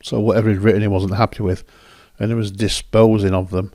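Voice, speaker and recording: A man's voice: fairly low pitch, level tone, fast, warm tone, dry recording, studio quality. A man hosting, chatting casually and rambling as he talks through his photos. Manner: rambling, self-correcting, chatty. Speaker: photographer and host. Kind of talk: casual commentary over photos.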